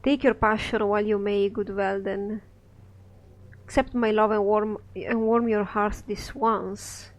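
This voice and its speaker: A naive young woman, lost and pleading, read by a man in his own voice, speaking in earnest rhyming lines. The pitch is fairly high. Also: steady tone, measured pace, poor audio. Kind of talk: reading a scripted play aloud.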